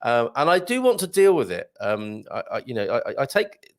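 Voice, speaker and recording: Chatty man, lively and gravelly. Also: mid-range voice, a little fast. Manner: light-hearted, chatty, laughs often. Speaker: host. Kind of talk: live-stream chat reading viewer comments.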